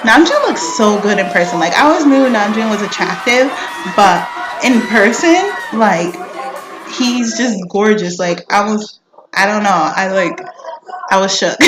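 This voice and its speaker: Young woman gushing about a concert, tons of likes, echoey room w/ hiss. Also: on the high side. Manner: gushing, lots of "like" fillers, bursts into screams when reenacting. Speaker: vlogger. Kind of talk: excited casual storytelling.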